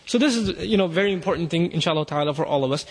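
A man with a high voice preaches with urgent emphasis, pressing his listeners. His sermon rings out with the long reverb of a hall. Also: expressive, rapid-fire, gravelly.

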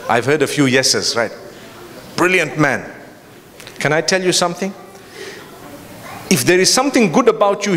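Before an audience in a large hall, a male Islamic preacher delivers an emphatic lecture full of rhetorical questions and repetition. His voice is a little high and a bit bright, trailing a long reverb.

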